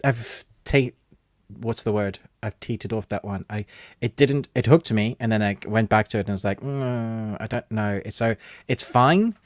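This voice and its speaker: A man's voice: on the low side, moderate pace, no echo, studio quality. A man co-hosting a podcast, chatting enthusiastically and reading out viewer comments. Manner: chatty and enthusiastic, with frequent laughs. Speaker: podcast co-host.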